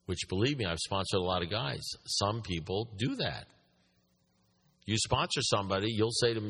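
A man's voice: on the low side, animated, fairly quick, fairly bright tone, husky. A man speaking to a recovery group, telling a story with emphasis, repeating his points and asking the room questions. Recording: echoey hall.

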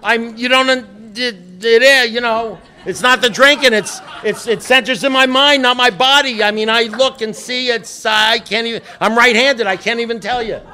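A man's voice: extremely high pitch, fairly even intonation, normal speed, few pauses, pushed and bright. Blunt, joking middle-aged man telling stories. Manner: joking, blunt and profane, with many restarts. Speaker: speaker at a recovery meeting. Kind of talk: storytelling talk to a meeting.

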